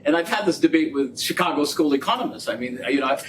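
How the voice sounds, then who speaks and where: A man giving a talk and answering audience questions, animated and jokey, acting out quoted dialogue as he tells stories. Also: a little high, fast talker, slight background noise, rough recording. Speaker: guest speaker on trade policy. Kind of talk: lecture and audience Q&A. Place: lecture venue.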